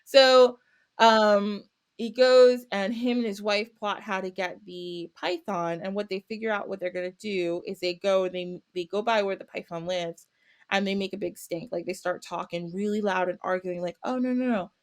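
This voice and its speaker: A woman's voice: medium pitch, moderate pace, smooth. Woman on a podcast retelling a folk story, bouncy, does little voices for everyone. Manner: animated, acts out characters with little voices and laughs. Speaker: podcast guest. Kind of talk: casual storytelling.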